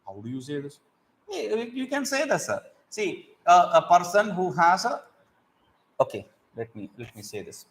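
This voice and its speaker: Animated man teaching scripture. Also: sits high, unhurried, long pauses, rough recording. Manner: animated, acts out examples, chants Sanskrit verses. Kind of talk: explaining Sanskrit verses in a class.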